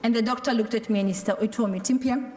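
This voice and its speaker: A woman's voice: a little high, fairly even intonation, fast, a little mellow. A woman from a Maasai community giving a personal testimony as a tuberculosis survivor, telling her story and acting out what the doctors and her mother said. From Kenya or Tanzania, Maasai community. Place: large conference hall. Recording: echoey large conference hall.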